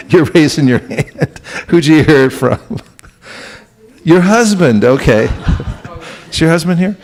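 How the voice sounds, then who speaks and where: A man's voice: fairly high pitch, animated, slow pace, pauses often. A man giving a spiritual lecture to a live audience, talking conversationally and often putting questions to the listeners. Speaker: spiritual teacher.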